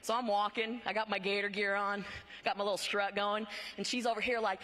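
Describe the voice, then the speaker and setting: A conference speaker gives a motivational talk in a large conference hall, her medium-pitched, fairly bright voice moving fairly quickly in a level tone. She speaks in short, punchy phrases, often checking in with a rhetorical "right?". The large venue leaves a long hall reverb on the recording.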